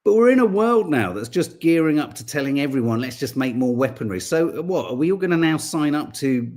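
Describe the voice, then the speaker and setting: A man, hosting a podcast in casual chat and reading out viewer comments in a rambling, animated way. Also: on the high side, a little fast. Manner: rambling, animated, full of restarts and asides. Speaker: podcast host.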